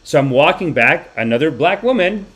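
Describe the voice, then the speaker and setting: A man hosting a live comedy podcast, telling a rambling story in an animated way, swearing freely and acting out the people he describes. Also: on the high side, normal speed. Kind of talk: rambling comic monologue on a live stream.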